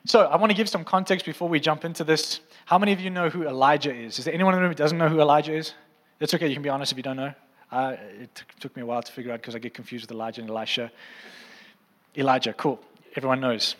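A man's voice: on the high side, steady tone, rapid-fire, fairly bright tone. Fervent preacher man in a reverberant church. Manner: fervent, playful and teasing with the congregation. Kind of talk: sermon. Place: church auditorium. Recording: long hall reverb in a church.

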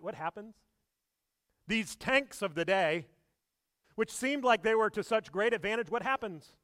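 Preacher guy, kinda high voice, lively storytelling with lots of questions, dry close sound. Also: normal speed, dry recording. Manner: animated storytelling with rhetorical questions. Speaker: pastor. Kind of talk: sermon.

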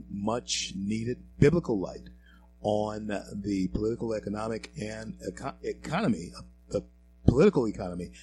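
A low-pitched man hosts a political talk show, talking in a preachy, fired-up way that keeps climbing into loud, emphatic outbursts. Between those outbursts he reads quotes aloud with stray fillers and restarts. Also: slight background noise, rough recording. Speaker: show host. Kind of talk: political commentary monologue.

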